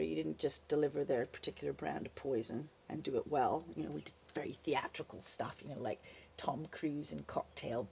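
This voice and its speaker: An older woman, a former bartender, telling a wry, lively anecdote in a casual spoken style. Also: low-pitched, vocal fry, breathy edge. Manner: lively, animated, wry storytelling with fillers.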